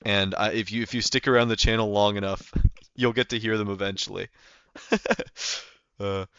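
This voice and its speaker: Young guy rambling on stream, bright forceful voice, dry dull lo-fi mic. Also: fairly low pitch, fairly even intonation, moderate pace, clean tone, dry recording. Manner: rambling, many fillers. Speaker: game streamer. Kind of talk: casual live-stream chat.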